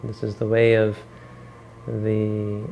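A man voicing a calm, wise male teacher explaining something to his monks. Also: fairly low pitch, slow pace, gravelly, a little hiss or hum, low-quality recording.

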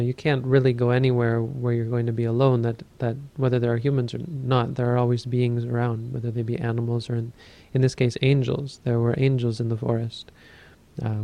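A man who teaches Buddhism, giving a dharma talk and telling a story in a calm, measured way. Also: mid-range voice.

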